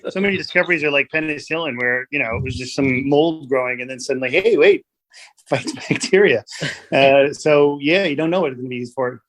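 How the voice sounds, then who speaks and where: A man guesting on a podcast as a TV show writer and producer, explaining things in a measured way with little anecdotes, in casual chat. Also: medium pitch, a bit bright.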